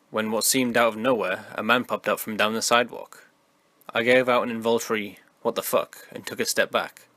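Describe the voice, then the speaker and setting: Low, sharp-toned man narrating a horror story. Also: no echo. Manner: steady, grim storytelling. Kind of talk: scripted narration.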